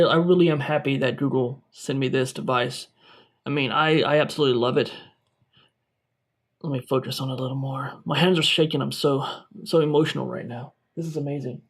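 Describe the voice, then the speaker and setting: A man's voice: mid-range voice, steady tone, moderate pace, long pauses. Over-dramatic young male tech YouTuber. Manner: over-dramatic, exaggerated enthusiasm. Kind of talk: mock-serious product review skit.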